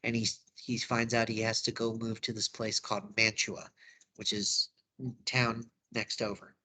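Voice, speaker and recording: A man's voice: fairly low pitch, monotone, a little slow, bright, forceful tone. A man teaching drama, walking through a study guide in a casual, conversational way. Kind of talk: lesson recap video.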